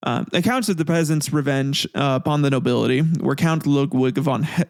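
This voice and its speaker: A man's voice: medium pitch, creaky, no room sound, studio quality. A man hosting a podcast, narrating history with irreverent, profane comic asides. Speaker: podcast host.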